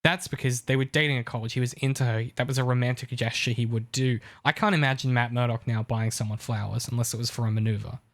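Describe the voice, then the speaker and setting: A man's voice: mid-range voice, steady tone, fast, hardly any pauses, fairly bright tone. A man co-hosting a podcast, breaking down TV dialogue in an eager, analytical chat. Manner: enthusiastic, lots of restarts. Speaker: podcast co-host.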